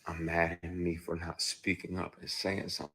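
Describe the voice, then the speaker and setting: Deep husky man, heated and emphatic. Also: monotone, moderate pace. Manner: emphatic, heated storytelling with sudden loud outbursts. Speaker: actor. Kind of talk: candid livestream monologue. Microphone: phone on a live stream.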